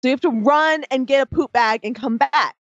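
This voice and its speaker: A woman's voice: high voice, fairly quick, a bit bright, no echo. A woman co-hosting a podcast in casual chat, blunt and mocking, cutting in often. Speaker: podcast co-host. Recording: dry, slightly dull lo-fi audio.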